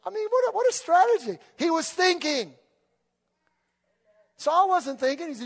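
In a large church sanctuary, a high-pitched man preaches an energetic sermon at normal speed with long pauses, his voice trailing into long reverb. He swings animatedly from soft, conversational asides to loud, fervent exhortation. He calls the congregation to read along in call-and-response.

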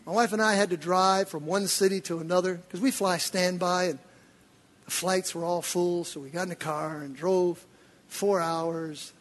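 An older man preaching, telling a story from the pulpit, swinging between low, quiet asides and loud, excited outbursts. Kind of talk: sermon storytelling. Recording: long reverb of a large hall.

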